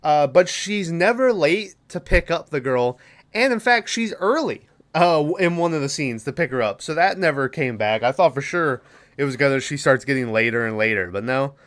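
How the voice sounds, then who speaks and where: Smooth-voiced man rambling through a movie recap. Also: fairly high pitch, lively intonation, moderate pace, fairly bright tone. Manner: rambling, profane, lots of fillers. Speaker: podcast host.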